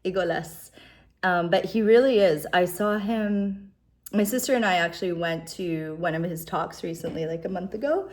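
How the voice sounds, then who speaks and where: A woman in her art studio, talking through an oracle card reading in a gentle, musing way, with soft laughs. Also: fairly low pitch, normal speed, a little hiss or hum. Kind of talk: reflective spiritual talk.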